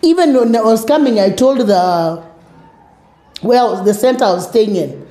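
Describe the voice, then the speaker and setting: A middle-aged woman with a Kenyan accent, telling her personal story as an interview guest, animated and acting out the voices of others. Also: a little high, measured pace, echoey room. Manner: animated, acts out quoted voices, mixes in Swahili words.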